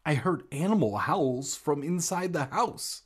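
A man's voice: fairly high pitch, animated, unhurried, breathy edge, voice pushed up. A man reading aloud and voicing a nervous young boy who sputters and pleads. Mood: anxious. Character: nervous eager boy narrator-hero.

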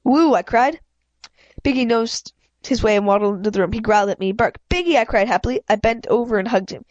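Halting woman reading a children's novel. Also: medium pitch, fairly even intonation, no echo, dull audio. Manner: halting, frequent self-corrections. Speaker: reader.

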